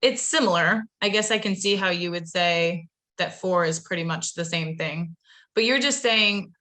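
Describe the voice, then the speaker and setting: A woman presenting a live online training webinar with a bright, forceful tone. She talks in a chatty, upbeat way and speaks straight to her viewers. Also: mid-range voice, lively intonation, normal speed. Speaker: webinar presenter training real estate agents.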